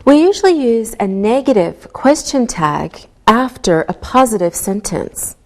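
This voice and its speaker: Female English teacher, slow and deliberate, lively sing-song pitch, mellow timbre. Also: faint music behind. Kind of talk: scripted grammar lesson.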